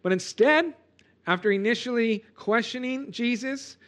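A male pastor giving an expository sermon, animated and emphatic, often checking in with "okay?" and "right?". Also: extremely high pitch, a little slow. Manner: animated, emphatic preaching with frequent "okay?" asides.

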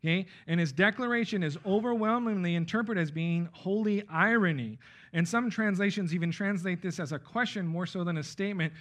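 A man's voice: high voice, a little fast, fairly bright tone. A man preaching an expository Bible sermon, emphatic and checking in with his listeners with frequent okay and right. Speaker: pastor.

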